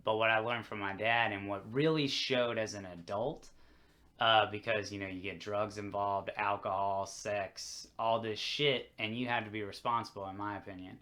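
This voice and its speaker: Man, East Coast, podcast guest, bright voice, emphatic, swears freely, casual banter. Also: lowish voice, moderate pace. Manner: animated, emphatic, swears a lot.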